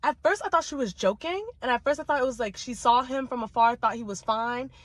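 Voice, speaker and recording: A woman's voice: on the high side, a little fast, dry recording. A young woman telling a first-date story in a casual, emphatic way with clipped asides, into a phone.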